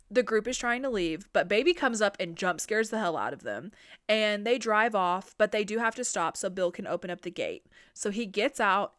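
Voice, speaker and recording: Chatty, swearing woman recapping a horror film. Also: medium pitch. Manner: animated, profane, chatty. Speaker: podcast host. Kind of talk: casual movie recap.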